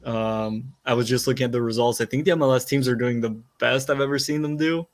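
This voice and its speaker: Flat-voiced man musing over soccer. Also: mid-range voice, fast. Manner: hesitant, many fillers and restarts. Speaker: soccer podcast panelist. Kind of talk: casual chat.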